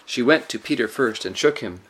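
A man narrating a children's story aloud with expressive storytelling. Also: mid-range voice, fairly quick. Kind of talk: audiobook reading of a children's story.

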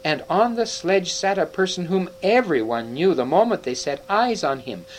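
A man reading a children's storybook aloud as narrator, in an expressive read-aloud manner. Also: high voice, normal speed, slight background noise, poor audio.

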